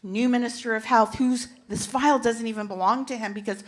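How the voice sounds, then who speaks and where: A woman's voice: fairly high pitch, steady tone, brisk. A middle-aged woman, speaking as a consumer advocate at a panel event, impassioned and emphatic with frequent restarts. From Canada. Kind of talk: passionate panel talk. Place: conference event hall.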